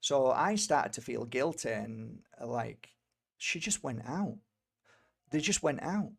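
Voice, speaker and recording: A man's voice: mid-range voice, expressive, slow pace, creaky, slightly rough. A middle-aged man from Britain, an energy healer, telling a personal story in a rambling way, with many fillers and restarts. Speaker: energy healer and tarot reader.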